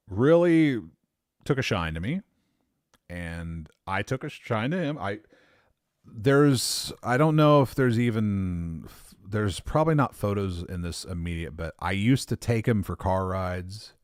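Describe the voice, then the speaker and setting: A man's voice: low voice, no echo, studio quality. A man telling a long personal story in a casual, rambling way, correcting himself as he goes, swearing now and then and laughing at his own luck. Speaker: podcast host.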